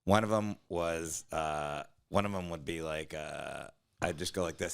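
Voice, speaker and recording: A man co-hosting a comedy podcast in casual chat, riffing and jumping into quick impressions of people. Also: deep voice, creaky, fairly bright tone, clear, resonant tone. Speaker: comedian co-host.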